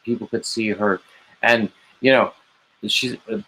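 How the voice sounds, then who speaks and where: A man's voice: fairly low pitch, fairly even intonation, a little slow, a bit bright, slightly rough, poor audio. A man hosting a late-night livestream, rambling on and greeting chat viewers by name with gushing, emotional asides. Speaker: livestream host.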